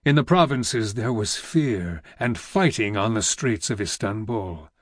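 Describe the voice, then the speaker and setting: A man reading an audiobook, voicing a weary, heavy old vizier who speaks slowly in a deep, rumbling, almost whispered growl. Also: expressive, no echo, studio quality. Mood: grave. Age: older. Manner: slow, grave and weighty.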